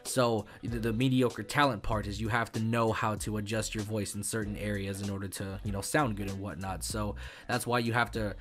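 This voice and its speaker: A man in his twenties hosting a casual gaming tutorial, rambling and profane, with frequent stumbles and fillers. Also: fairly low pitch. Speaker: YouTube gaming host.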